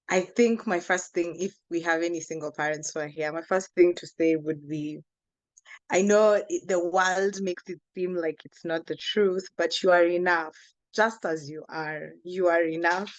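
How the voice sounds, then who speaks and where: A woman panelist speaking in a gentle, reassuring way. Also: lowish voice, no echo, rough recording. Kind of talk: panel talk.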